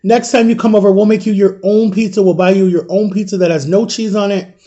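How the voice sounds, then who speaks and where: A man's voice: high voice, fairly even intonation, a little fast, dark tone, lo-fi sound, natural voice. A man voicing a flustered middle-aged mother who frets and then kindly scolds a child. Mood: gently scolding.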